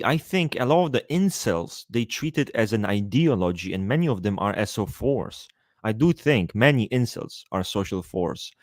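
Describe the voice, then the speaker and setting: A man's voice: medium pitch, no echo, clean studio sound. A man hosting a casual livestream, greeting viewers by name and joking around with a lot of swearing. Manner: profane, joking, reads out viewer names. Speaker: livestream host.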